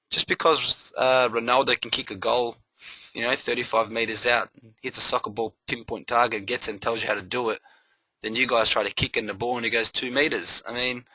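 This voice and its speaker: A man giving a live trading webinar, energetic and motivational, repeating phrases for emphasis. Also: mid-range voice, slightly rough, no room sound, low-quality recording.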